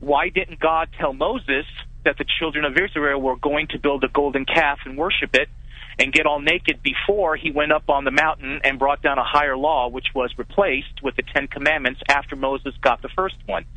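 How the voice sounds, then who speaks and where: A man's voice: on the high side, fairly even intonation, moderate pace, sharp tone, no echo. Hesitant man calling in by phone. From California. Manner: hesitant, many uh fillers. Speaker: caller. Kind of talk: call-in question. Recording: tinny phone line.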